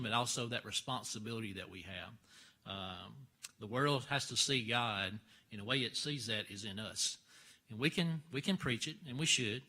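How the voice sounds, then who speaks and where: A man teaching a church Bible class, folksy and halting, full of fillers and restarts. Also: lowish voice, sharp tone, breathy edge. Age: older.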